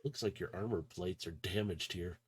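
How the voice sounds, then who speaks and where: A man's voice: low-pitched, moderate pace, breathy edge, pitched below the performer's own voice. A man playing a laid-back robot mechanic. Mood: casual, focused. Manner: casual, says "dude". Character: wary, laid-back male robot fixing a bot.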